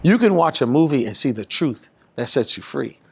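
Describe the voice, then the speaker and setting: A pastor talking in an animated, preaching-style way, rising in pitch and volume to drive his points home. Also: moderate pace, creaky, breathy edge. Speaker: pastor and guest speaker.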